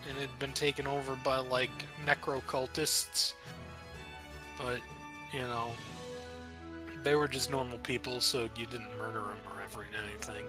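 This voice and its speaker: A man's voice: mid-range voice, rough recording. A young man recapping a tabletop game as dungeon master in a rambling, profane, offhand way.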